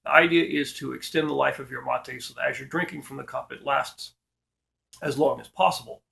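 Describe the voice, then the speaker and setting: A middle-aged man talks a viewer through a how-to in a casual, unhurried way. His voice sits at an ordinary pitch but carries a strong rough, gravelly fry, and he often pauses on fillers and restarts. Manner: relaxed, with frequent fillers and restarts. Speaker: host. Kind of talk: casual instructional talk.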